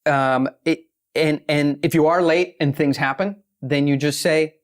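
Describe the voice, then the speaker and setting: A man speaking as a podcast guest, brash and profane, talking in fast bursts and slowing down to stress a point. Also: a little high, steady tone. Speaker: guest, pitching expert. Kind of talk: podcast interview talk.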